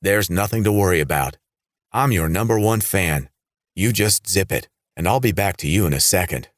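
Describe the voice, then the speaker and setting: Guy doing a stern growly police sergeant, deep and dry. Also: animated, normal speed, no room sound. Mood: commanding. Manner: commanding, growling.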